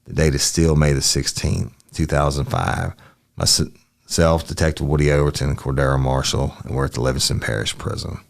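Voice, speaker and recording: A man's voice: rumbling low, little pitch movement, moderate pace, gravelly. A man, a podcast host, reading police interview transcripts aloud in a plain, matter-of-fact way. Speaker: podcast host, retired detective.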